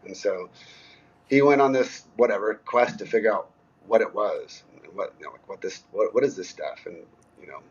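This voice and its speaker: A male musician guest talking casually about his songs in an easygoing, halting way, full of ums. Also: on the low side, breathy edge, muffled recording. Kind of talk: casual interview talk.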